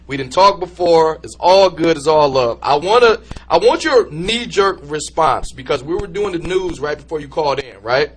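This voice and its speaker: A man hosting a podcast interview, excitable and quick to laugh. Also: a little high. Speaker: podcast host.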